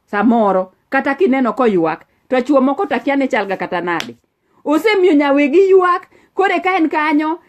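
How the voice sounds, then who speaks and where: A woman's voice: high-pitched, a little mellow. A woman preaching a sermon, earnest and scolding, switching into English often.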